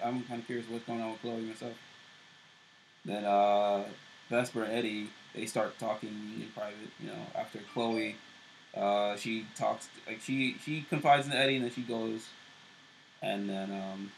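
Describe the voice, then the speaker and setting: A man's voice: lowish voice, level tone, normal speed, creaky, slight background noise, low-quality recording. A man co-hosting a show, casually recapping TV episodes with loose fillers and restarts. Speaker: show co-host.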